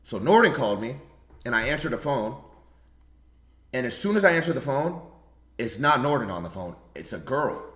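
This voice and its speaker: A young adult man, a streamer, telling a story in a casual, animated way, full of slang and cursing. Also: mid-range voice, moderate pace, long pauses. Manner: animated, slangy, swears freely. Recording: roomy echo.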